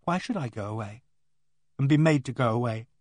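A man's voice: mid-range voice, animated, brisk, dry recording, natural voice. A man reading aloud and voicing a sullen, awkward teenage girl who talks bluntly and gloomily. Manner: blunt, gloomy, bursts into bitter outbursts.

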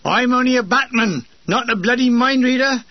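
A man's voice: extremely high pitch, moderate pace, no echo, pitched above the performer's own voice. A man voicing a grumbling army batman with a Cornish accent, exasperated. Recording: dull lo-fi dry recording.

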